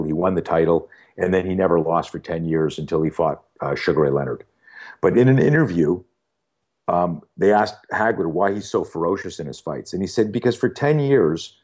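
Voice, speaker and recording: A deep-voiced man, appearing as a podcast guest, tells a long story in a casual, animated way, using many fillers and acting out the dialogue.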